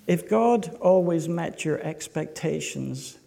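Man preaching in a church, unhurried and emphatic, slightly high voice with long hall reverb. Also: animated, gravelly, mellow. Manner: slow, emphatic, rhetorical questions to the congregation. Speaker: pastor. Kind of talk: sermon. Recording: echoey hall.

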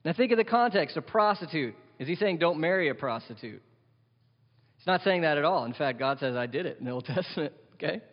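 A man preaching a sermon as pastor, animated and wry, asking the congregation questions. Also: a little high, a little fast, big-room sound, lo-fi sound. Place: church hall.

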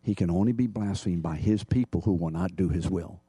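A man preaching a sermon as pastor, emphatic, rising and dropping in pitch and loudness. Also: brisk, breathy edge, dry recording.

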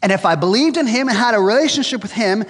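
Earnest, high-voiced man preaching in an echoey hall. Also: lively intonation, quick pace, fairly bright tone. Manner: earnest, joking, frequent restarts. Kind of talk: conversational sermon.

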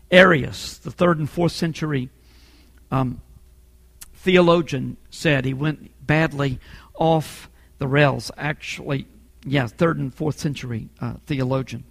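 A man preaching a sermon as a pastor, emphatic and building to forceful peaks, often repeating words as he presses a point. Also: medium pitch, slow, gravelly, in a large hall. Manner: repeats words when fired up.

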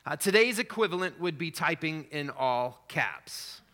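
A man's voice: fairly high pitch, expressive, unhurried, sharp tone. A middle-aged man, a pastor, preaching a sermon in a conversational way with fillers and restarts.

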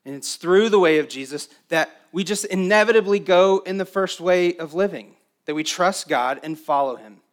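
Delivering a sermon at normal speed with hardly any pauses, this pastor has a voice slightly higher than the typical man's. His lines rise to emphatic peaks before sinking into hushed, intimate passages.

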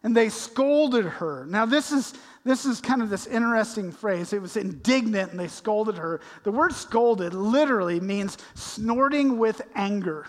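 Man, pastor, sermon, high voice, hushed to loud delivery, church sanctuary, long hall reverb. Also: animated. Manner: swings from hushed to loud, slows for scripture.

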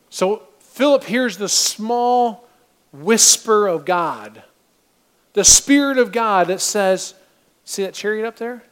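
A man preaching a sermon as pastor, animated and acting out little scenes in different voices. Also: high voice.

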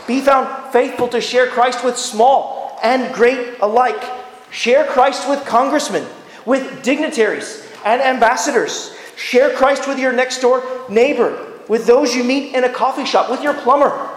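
A high-voiced man preaches earnestly, leaning into slow, emphatic phrases as he pleads with his hearers. His voice rings through a roomy hall with a long reverb tail. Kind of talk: sermon.

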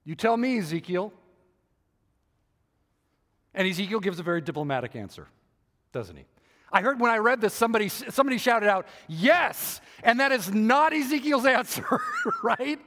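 A very high-pitched man preaches a sermon, circling back over each point and checking in with rhetorical questions. His voice carries a long reverb from a large hall. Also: very animated, brisk, pushed and bright. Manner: repeats and rephrases for emphasis, asks rhetorical questions.

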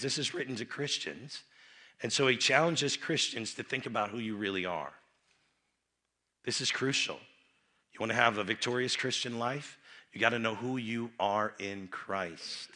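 This youth rally sermon comes from a man with a mid-range voice who alternates quiet asides with loud, emphatic bursts. He frequently repeats himself and restarts his phrases.

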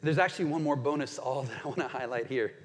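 A man preaching a sermon as pastor, earnest, slowing down dramatically when he quotes scripture. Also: medium pitch. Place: church sanctuary. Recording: church hall reverb.

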